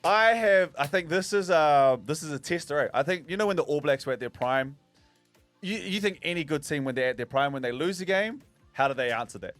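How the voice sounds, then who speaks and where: A man with a New Zealand accent giving his sports picks in an animated, chatty way. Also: fairly high pitch, a little fast, dry recording, soft background music. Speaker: podcast co-host. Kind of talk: casual sports chat.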